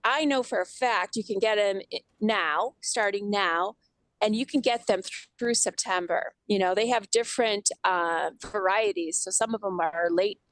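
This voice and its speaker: A woman's voice: medium pitch, normal speed, a bit bright, dry recording, rough recording. Chatty woman co-hosting radio over video call. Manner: chatty, upbeat, informative. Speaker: radio co-host. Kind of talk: casual radio chat.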